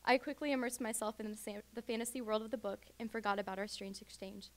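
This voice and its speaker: A woman's voice: mid-range voice, steady tone, fast talker, very noisy. A young adult woman reading her first-person story aloud at a graduate student reading.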